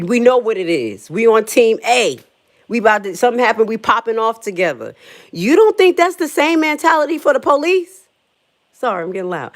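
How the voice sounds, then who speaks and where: A young woman with a low, deep-set voice rants on a casual livestream. She talks bluntly and swears freely. When she makes a point, her voice jumps sharply upward. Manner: animated, jumps to high excited pitch when emphatic; blunt, profane street talk. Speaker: livestream host.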